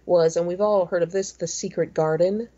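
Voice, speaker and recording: A woman's voice: on the low side, fairly even intonation, normal speed, dark tone, highs cut off. A woman in her forties co-hosting a podcast, telling stories in a rambling, chatty way full of fillers. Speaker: podcast co-host. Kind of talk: casual chat.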